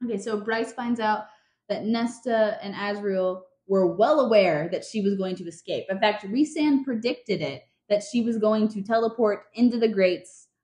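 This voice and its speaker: A woman's voice: mid-range voice, normal speed, a little mellow. A young woman casually recapping book chapters on a podcast, chatty and full of fillers, laughing often. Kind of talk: casual chat. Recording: echoey room.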